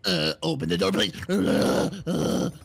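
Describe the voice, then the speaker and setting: A man's voice: fairly high pitch, huge pitch swings, a little slow, full character voice. A man voicing a teasing, easily scared dad in gameplay role-play, hesitant and full of uhs. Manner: gravelly, hesitant with many uhs.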